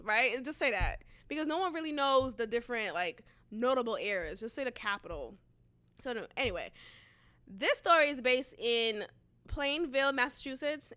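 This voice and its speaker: Woman, podcast host, from Boston, chatty solo monologue, rambling asides, crisp bright tone. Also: on the high side, expressive, moderate pace. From Boston, USA. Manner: casual, chatty, with frequent asides and fillers.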